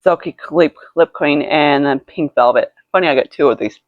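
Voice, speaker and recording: A woman's voice: low voice, moderate pace, no echo. A woman chatting casually while doing her makeup, rambling through a story with lots of swearing and restarts. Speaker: beauty vlogger. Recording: dull lo-fi, dry sound.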